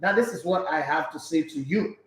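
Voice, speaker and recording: High-voiced Nigerian man, playful host. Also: a little fast. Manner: playful, jokey, talkative. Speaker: sports show host. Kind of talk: casual live-stream chat reading viewer comments. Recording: echoey room sound.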